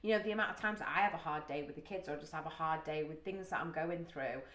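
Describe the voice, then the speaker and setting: A woman's voice: sits low, fast talker, fairly bright tone. A British woman from the UK hosting a music reaction, talking casually and emotionally, thinking aloud with gasps and sighs. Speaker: music reaction video host. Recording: roomy echo.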